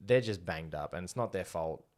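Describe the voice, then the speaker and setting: A very deep-voiced Australian man in a relaxed sports chat. He talks with easy confidence and makes bold calls. His voice sits low and steady throughout. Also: normal speed. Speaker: podcast co-host.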